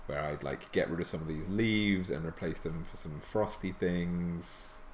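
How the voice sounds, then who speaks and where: A man's voice: sits low, measured pace, a little hiss or hum. A man hosting a live stream, chatting casually and thinking aloud as he draws. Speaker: stream host and illustrator. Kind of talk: casual live-stream chat while drawing.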